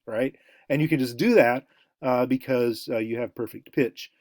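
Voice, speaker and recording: A man giving a recorded lecture, halting often with fillers and restarts and sounding out examples aloud. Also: medium pitch, a little mellow, no echo, clean studio sound.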